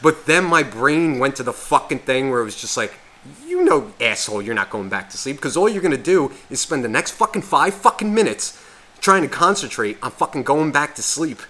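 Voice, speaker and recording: A man's voice: medium pitch, animated, a little fast, bright, forceful tone. A man co-hosting a podcast, telling a rambling story in casual chat full of swearing. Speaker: podcast co-host.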